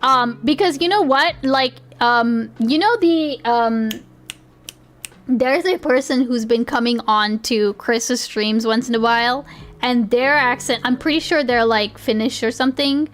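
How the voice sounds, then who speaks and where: A young woman with a slightly high voice chats casually on a livestream, speaking a little slowly. Her talk is giggly and rambling, full of restarts.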